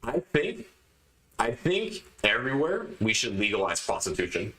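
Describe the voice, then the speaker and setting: Male podcast host, bright forceful tone, lectures emphatically, echoey room. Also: medium pitch, huge pitch swings, normal speed, slight background noise. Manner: emphatic, lectures the listener directly, repeats points. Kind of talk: opinionated podcast monologue.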